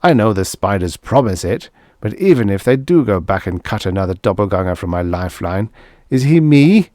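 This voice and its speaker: Here is a man playing a wild-eyed, war-haunted soldier in an audiobook, his voice hoarse and loud as his ranting keeps climbing. The delivery is dry and close, with a low, bitter edge. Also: very animated, moderate pace, no room sound. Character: raving shell-shocked WWI soldier, bitter and wild.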